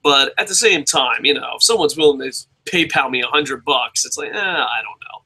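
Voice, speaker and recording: A man's voice: medium pitch, animated, moderate pace, bright, forceful tone, slightly rough, poor audio. A man hosting a live-streamed show, chatting casually in a rambling, profane, self-mocking way. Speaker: show host.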